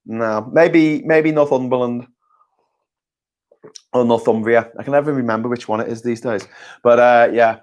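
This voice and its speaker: A man hosting an informal live-stream chat, reading out viewer comments with rambling, sarcastic and jokey asides and casual swearing. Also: medium pitch. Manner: rambling, self-correcting. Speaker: host.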